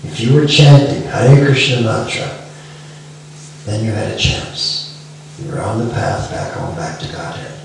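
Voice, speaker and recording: Middle-aged guy giving a devotional talk, lowish voice, chants softly, sounds far off in a big echoey room. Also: unhurried. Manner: chants the mantra softly between remarks; asks the listeners questions. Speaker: devotional speaker. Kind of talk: devotional lecture with storytelling. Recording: echoey room, far from mic, faint hiss.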